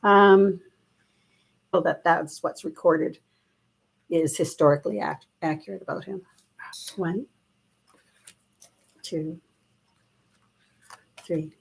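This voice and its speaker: A woman's voice: on the low side, steady tone, takes it slowly, vocal fry, long pauses, breathy edge, rough recording. A woman co-hosting a casual live-stream chat, teasingly reading out viewers' questions. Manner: teasing, reads out comments.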